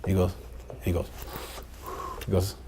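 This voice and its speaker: A middle-aged man telling a personal story to an audience in an animated way, dropping Spanish phrases into his talk. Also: deep voice, measured pace, background noise. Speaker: speaker addressing college staff.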